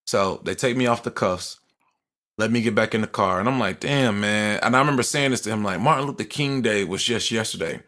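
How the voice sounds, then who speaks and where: A young adult man co-hosting a podcast, telling a personal story in animated, slangy casual talk. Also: on the low side, fast talker. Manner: animated storytelling, slangy, acts out quoted voices. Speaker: podcast co-host.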